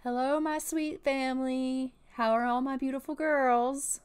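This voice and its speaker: A woman's voice: high-pitched, fairly even intonation, unhurried, smooth. A woman voicing a tired, doting young father in a video game, speaking with sweet fondness. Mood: fond. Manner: sweet, fond greeting.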